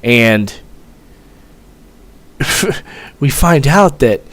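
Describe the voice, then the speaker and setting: A man's voice: mid-range voice, lively intonation, drawn-out words, a bit bright, no echo. A young man, a former Marine, telling a story in a rambling, profane way, full of fillers. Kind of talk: casual storytelling vlog.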